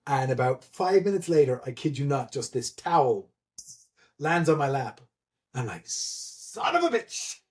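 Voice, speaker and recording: A man telling a story in a casual podcast chat, animated and laughing, with many fillers and restarts. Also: medium pitch, moderate pace. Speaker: guest, event admin.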